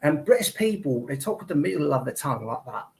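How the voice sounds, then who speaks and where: A middle-aged man from Michigan chats on a podcast, his voice sitting a little high for a man. He rambles through stories, stacking fillers and false starts as he goes. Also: sing-song, fast talker, vocal fry. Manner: rambling storyteller with many fillers and restarts. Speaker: podcast guest, actor. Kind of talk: casual chat.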